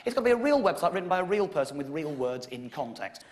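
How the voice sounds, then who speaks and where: Animated English comedian telling a story. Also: male voice, fast talker, slight background noise. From England. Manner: animated, wry storytelling with sudden high emphatic peaks. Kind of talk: stand-up storytelling show. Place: theatre stage with audience laughter.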